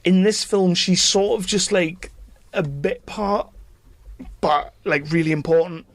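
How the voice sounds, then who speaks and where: A man's voice: high voice, measured pace, no room sound. A man hosting a podcast, giving opinionated casual film reviews and often repeating words as he starts a sentence. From Britain. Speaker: podcast host.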